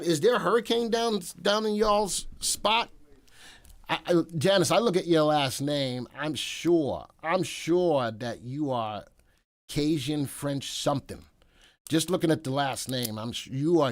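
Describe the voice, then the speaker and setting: A man's voice: on the high side, no room sound. A man hosting a live stock market show, talking casually and wandering into joking asides. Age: adult, past military service.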